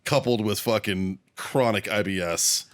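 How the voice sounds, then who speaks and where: A man's voice: on the low side, a little slow, fairly bright tone. Profane laughing man telling stories. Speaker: podcast host. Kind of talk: casual storytelling chat.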